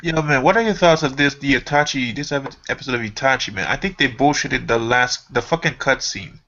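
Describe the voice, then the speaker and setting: A man's voice: medium pitch, a little fast, bright, forceful tone. A man joking and swearing freely in a casual group chat over a call. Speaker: panelist. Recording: muffled lo-fi call audio with keyboard clicks.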